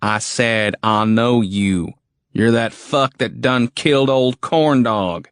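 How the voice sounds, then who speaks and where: A man's voice: medium pitch, slow pace, clear, resonant tone, no echo, voice pushed up. A man voicing a crude, cocky male army veteran with a drawl, foul-mouthed and taunting, in a dry, close audiobook recording. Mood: hostile. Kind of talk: audiobook character voice.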